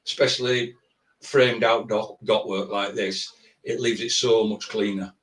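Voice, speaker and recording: Male co-host, measured critique voice, mid pitch, roomy and distant from the mic. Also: steady tone, fairly bright tone. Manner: measured, plain-spoken critique with hesitations. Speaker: tattoo artist and co-host. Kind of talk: live stream critique chat.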